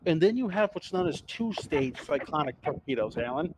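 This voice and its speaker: A man's voice: a little high, big pitch swings, moderate pace, noisy background. A man hosting a casual lore podcast, enthusiastic and profane, quizzing his co-hosts. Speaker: podcast host.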